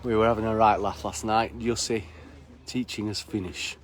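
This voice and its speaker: A man's voice: fairly low pitch, fairly even intonation, normal speed. Chatty man greeting stream viewers. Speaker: live-stream host and bar worker. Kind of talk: casual live-stream walking commentary. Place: outdoors on snowy town streets.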